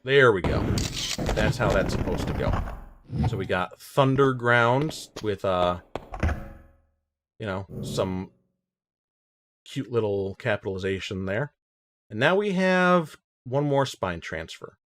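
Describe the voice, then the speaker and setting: A man's voice: fairly low pitch, lively intonation, slow pace, long pauses, a bit bright. A man giving casual, joking gameplay commentary as host of a let's play. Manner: joking, rambling. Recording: game sound noise underneath.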